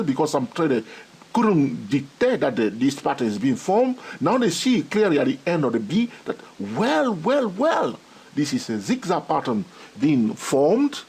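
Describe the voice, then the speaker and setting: Teaching trading in an excitable monologue, this animated man has a husky voice that sits a little high. He constantly repeats "okay?" and "all right?", laughs frequently, and gets worked up with enthusiasm for the material.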